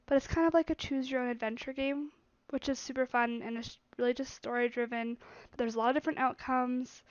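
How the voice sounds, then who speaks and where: High-pitched woman streamer, relaxed. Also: fairly quick, dry recording. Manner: relaxed, reads story lines with bursts of louder acted quotes. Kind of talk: casual let's play, reading game text aloud. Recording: slightly muffled stream audio with faint noise.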